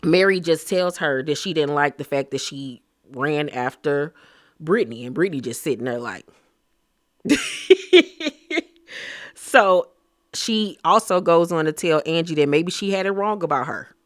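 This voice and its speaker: A man giving a casual, gossipy recap of a reality TV episode, talking in an animated, slang-filled way. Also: a little high, moderate pace, no echo, clean studio sound.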